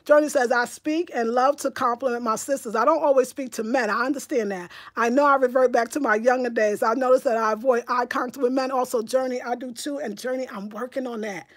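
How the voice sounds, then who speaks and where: A woman hosting a livestream in casual chat, reading viewer comments aloud and answering them in a talkative, animated way, with bursts of excited exclamation. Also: a little high, a little fast, hardly any pauses. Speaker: livestream host.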